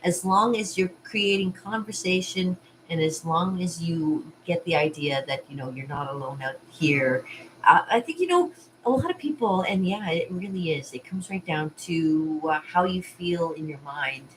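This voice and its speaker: A woman with a fairly low voice talks casually to camera from her art studio. She rambles from one thought to the next, laughing often between asides. A faint hum of room ambience sits behind her. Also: normal speed, low-quality recording. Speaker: party artist and vlog host. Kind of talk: casual rambling vlog chat.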